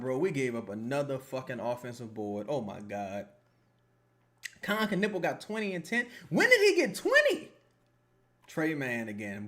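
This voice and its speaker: Animated, joking man reacting to a game. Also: mid-range voice. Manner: animated, joking, profane and rambling. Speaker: fan watching a basketball game live. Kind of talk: casual live game reaction commentary.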